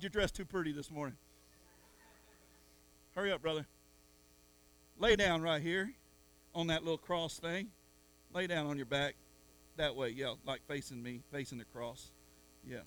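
A middle-aged man preaching a sermon in church, swinging from soft asides to loud calls at the congregation. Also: a little high, normal speed, long pauses. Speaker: pastor.

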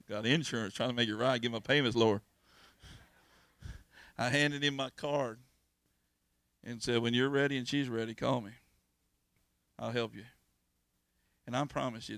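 Guy preaching, gravelly voice, dry close sound, folksy and earnest, telling a story. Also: medium pitch, a bit bright, no echo. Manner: folksy, earnest, repeats words and restarts. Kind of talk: informal storytelling sermon.

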